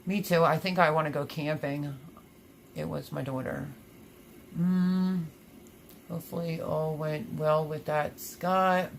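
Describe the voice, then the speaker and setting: A woman's voice: low voice, steady tone, slow pace, gravelly, long pauses, slight background noise. A woman hosting a casual gardening livestream, chatting and reading viewer comments aloud, laughing often. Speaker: livestream host.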